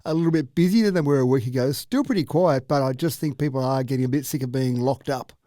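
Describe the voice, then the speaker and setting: An Australian man explaining technology on a radio chat in a steady, chatty way. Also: medium pitch, quick pace, no room sound, clean studio sound. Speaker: technology commentator.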